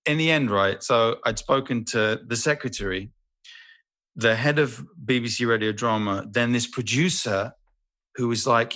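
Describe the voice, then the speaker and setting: Man, middle-aged, actor guest, animated storyteller, swears a lot, sharp bright tone. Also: medium pitch, brisk. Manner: animated storyteller, swears freely, slips into voices. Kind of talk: casual interview anecdote.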